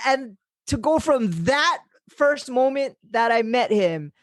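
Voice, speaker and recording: A young man hosting a podcast, telling stories in a casual, animated way, swearing and laughing as he quotes people. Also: extremely high pitch, moderate pace, no echo, studio quality. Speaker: podcast host. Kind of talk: casual storytelling chat.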